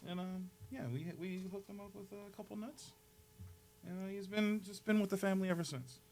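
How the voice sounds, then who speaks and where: A man hosting a comedy podcast while putting on a playful impression of a soft-spoken TV painter, laughing often. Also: high voice, level tone, a little fast, slight background noise, pitched above the performer's own voice. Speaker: podcast host. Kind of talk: comedic Bob Ross impression.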